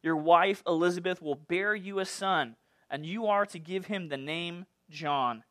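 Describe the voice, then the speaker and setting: A man preaching a sermon in a playful, animated way, full of jokes and asides. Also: high voice, measured pace. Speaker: pastor.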